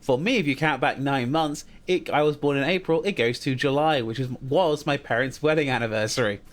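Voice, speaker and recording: A man's voice: medium pitch, a little fast. A man co-hosting a casual podcast, wry and matter-of-fact. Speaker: podcast co-host. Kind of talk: casual chat.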